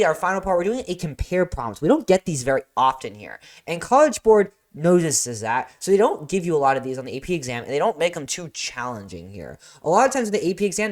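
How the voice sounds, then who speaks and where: A geography teacher walking through exam answers, reading each prompt and then explaining it with casual asides. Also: medium pitch. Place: lives in Florida.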